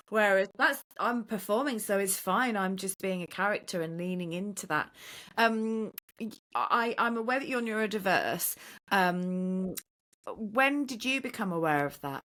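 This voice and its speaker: A woman in her forties talks as a guest on a podcast, open and musing. She reflects out loud and often draws the listener in with tag questions. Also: medium pitch, animated, a little slow. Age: 40s. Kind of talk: reflective conversational chat.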